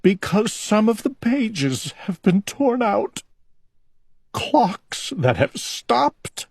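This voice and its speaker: A man voicing a fretful, gentle male owl in a storybook reading, talking in an anxious, earnest, childlike way. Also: high-pitched, big pitch swings, drawn-out words, gravelly, breathy edge, dry recording, clean studio sound, voice pushed up, full character voice. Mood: sobbing.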